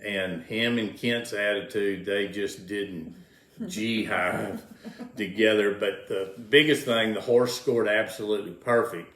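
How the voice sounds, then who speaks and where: A man's voice: fairly low pitch, slow, fairly bright tone. An older man, telling folksy rodeo stories as an interview guest, repeating words as he goes. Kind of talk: casual storytelling. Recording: roomy echo.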